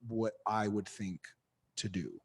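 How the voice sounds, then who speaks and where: A man in his thirties, a podcast guest, telling personal stories in a candid, animated way and swearing freely. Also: lowish voice, slow pace, slightly rough. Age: 30s. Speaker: podcast guest, knife maker. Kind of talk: casual interview chat.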